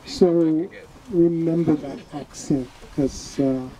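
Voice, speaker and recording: A man's voice: on the high side, fairly even intonation, slow pace, crowd noise, rough recording. A man from New York giving an informal funeral eulogy, hesitant and with fillers. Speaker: eulogy speaker, neighbor.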